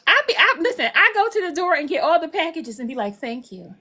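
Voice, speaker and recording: A woman's voice: very high voice, fast. An older woman, an author guest, chatting casually and acting out the people in her stories. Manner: animated storyteller, acts out quotes. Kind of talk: casual chat.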